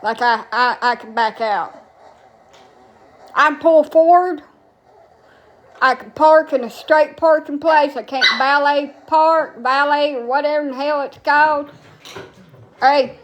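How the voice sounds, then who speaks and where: Woman w just ranting and cussing, kinda high voice, all over the place. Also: unhurried, pauses often, background noise. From Alabama, USA. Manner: profane, blunt, rambling. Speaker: TikTok storyteller. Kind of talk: casual storytelling rant.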